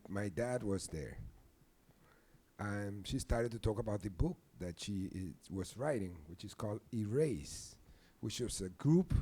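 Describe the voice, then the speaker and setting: A man's voice: lowish voice, mellow, breathy edge. A man from Panama speaking on a discussion panel and telling a story in a reflective, conversational way. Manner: reflective, with fillers and restarts.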